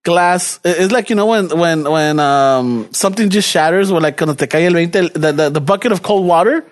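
High-voiced LA Chicano guy, casual chat, animated storyteller, mixes Spanish in. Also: normal speed. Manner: animated storyteller, acts out quotes, swears freely, laughs often. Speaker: former cable technician telling a work story. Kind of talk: casual chat, code-switching English and Spanish.

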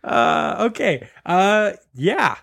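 A man hosting a casual comedy podcast, playful and quick to giggle. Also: high voice, sing-song, gravelly, fairly bright tone. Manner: giggly and playful, laughs often. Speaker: podcast host.

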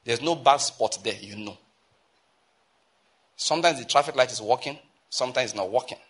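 A Nigerian man preaching from the pulpit, his voice husky and a touch breathy. He drives his points home emphatically, climbing into urgent appeals and then stretching out key phrases slowly for weight. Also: medium pitch, fairly bright tone. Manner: emphatic preaching, rising to urgent exhortation and slowing to stress phrases. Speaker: pastor. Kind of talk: sermon.

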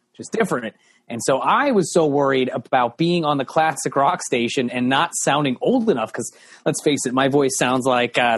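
A man's voice: mid-range voice, breathy edge. A man hosting a podcast, telling casual stories in a loose, profane way. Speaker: podcast host, former radio DJ. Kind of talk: casual storytelling chat.

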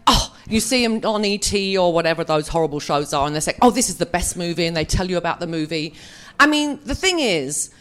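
A woman's voice: on the low side, fairly bright tone. A woman telling chatty, self-mocking stories to a live audience as a guest on a convention panel. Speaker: actress speaking at a fan convention panel. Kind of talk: anecdotal storytelling to a live audience.

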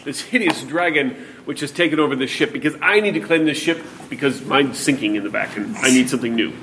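A swaggering pirate captain, played by a man in a tabletop role-play, grandiose and full of himself. The voice sits at an ordinary male pitch, with his bold declarations coming across as proclamations. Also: expressive, fast talker, a bit bright, a little hiss or hum, close to an everyday voice. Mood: boastful. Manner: grandiose, boastful. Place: gaming convention.

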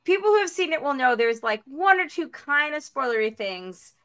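Bright, animated woman hosting a podcast. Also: high voice, moderate pace. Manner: upbeat, laughs often, wraps up the show. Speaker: podcast host. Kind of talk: casual podcast chat.

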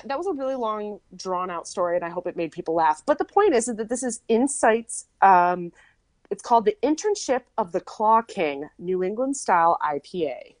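A woman host from Minnesota tells a story in casual chat, full of asides and "like." Her voice sits at a medium pitch, animated and at a normal speed, with no room sound.

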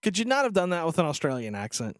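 Animated, profane man ranting. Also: on the high side, fast, no room sound, studio quality. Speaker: podcast co-host. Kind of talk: casual chat.

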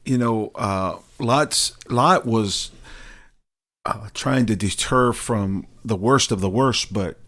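Low-voiced hesitant man. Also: slow pace, fairly bright tone. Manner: hesitant, many fillers. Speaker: podcast co-host. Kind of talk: casual Bible discussion.

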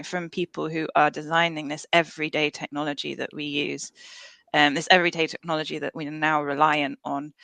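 Earnest woman researcher with a creaky voice. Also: low-pitched, pushed and bright, no echo. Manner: earnest, with frequent fillers and restarts. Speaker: guest researcher. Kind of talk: podcast interview.

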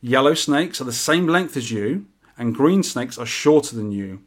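A man's voice: mid-range voice, expressive, moderate pace. Man casually explaining arcade rules. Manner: explains game rules in a laid-back, joking way. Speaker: podcast host. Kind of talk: casual podcast chat.

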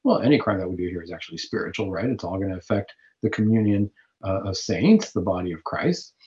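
A man's voice: sits low, expressive, quick pace, darkish tone. Man, Catholic radio host, earnest preaching monologue, dull lo-fi sound. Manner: earnest, preaching, with fillers and restarts. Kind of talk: radio talk show monologue.

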